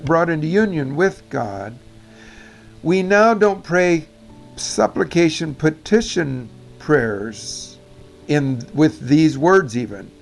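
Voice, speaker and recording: Male Bible teacher with a slightly high voice and an emphatic, self-correcting teaching manner over light background music. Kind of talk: teaching talk on prayer.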